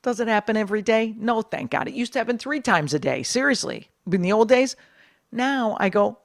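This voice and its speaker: Middle-aged woman comic, gravelly, swears a lot, dry close mic, brash storyteller. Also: a little high, brisk, dry recording. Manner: brash, profane, storytelling with lively put-on quotes. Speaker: comedian and podcast guest. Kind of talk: casual podcast chat.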